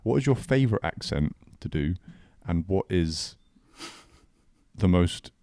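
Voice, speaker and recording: A man's voice: low voice, expressive, mellow, no echo, studio quality. A young man from England with an English accent, co-hosting a casual podcast chat in a joking, playful way. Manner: joking, playful, quick to mimic voices. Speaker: podcast co-host.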